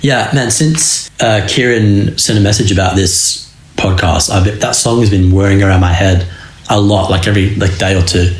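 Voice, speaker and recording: Young man, band singer, low voice, rambling podcast talk, echoey room. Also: normal speed. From Australia. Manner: rambling, loose, many fillers and restarts. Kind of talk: casual podcast chat. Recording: roomy echo.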